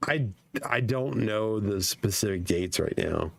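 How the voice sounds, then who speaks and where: A man talks in a loose, profane podcast chat, his voice hoarse and nearly gone. His low voice is gravelly and creaky throughout. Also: expressive, unhurried. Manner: swears casually, laughs often. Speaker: podcast guest. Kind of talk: casual chat.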